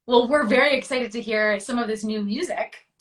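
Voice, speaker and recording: A woman's voice: a little high, normal speed, distant mic. A woman hosting a live-stream interview, upbeat and encouraging with her guest. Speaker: interview host.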